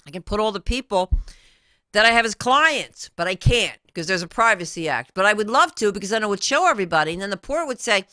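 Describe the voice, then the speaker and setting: A woman's voice: medium pitch, lively intonation, a little fast, pushed and bright, clear, resonant tone, no echo, clean studio sound. A woman hosting a talk show, addressing viewers directly in an emphatic, repetitive way as a credit consultant.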